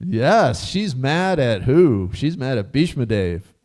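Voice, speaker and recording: A man's voice: medium pitch, very animated, slow pace, a little mellow. A man giving a casual scripture class in a temple hall, chatty and laughing often as he quizzes his listeners.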